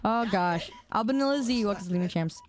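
A woman's voice: mid-range voice, expressive, fairly quick, a crowd in the background. A young woman streaming a shooter game, chatting casually with her viewers, greeting them by name and laughing often. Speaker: live streamer. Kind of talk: casual live-stream chat while gaming. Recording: noisy with clicking behind the voice.

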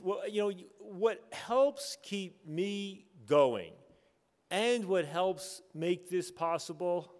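A man's voice: fairly high pitch, darkish tone, slight background noise. A man speaking at a conference, effusively praising his colleagues and rousing the crowd. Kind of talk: public speech. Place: large conference hall. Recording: reverberant hall with crowd.

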